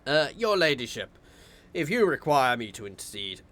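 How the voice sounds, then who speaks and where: A man voicing a gruff, piratical male ship helmsman with salty sailor talk. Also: medium pitch, sing-song, moderate pace, fairly bright tone.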